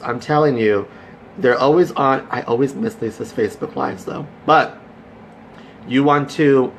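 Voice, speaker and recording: Slight background noise sits under this man's medium-pitched voice. He's hosting a relaxed Facebook Live session, chatting warmly, naming viewers as he greets them and cheering them along.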